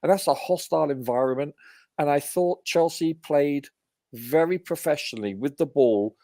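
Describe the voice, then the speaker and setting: A man's voice: a little high, normal speed, dark tone, dry recording, clean studio sound. A man on a live football review panel giving earnest, emphatic opinions, often hedging with "you know". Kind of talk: casual live match review.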